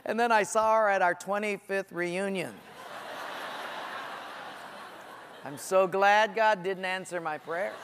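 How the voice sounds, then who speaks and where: A man's voice: high-pitched, fairly even intonation, slow pace, long pauses, long reverb tail, background noise. A man preaching a sermon, telling stories with humor and acting out the voices of people praying and complaining. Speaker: pastor.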